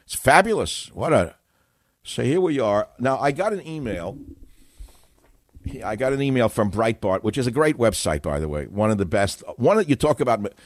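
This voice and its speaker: A man's voice: medium pitch, big pitch swings, moderate pace, no room sound, studio quality. An older man hosting a call-in radio talk show, opinionated, emphatic and self-assured, combative in his monologues.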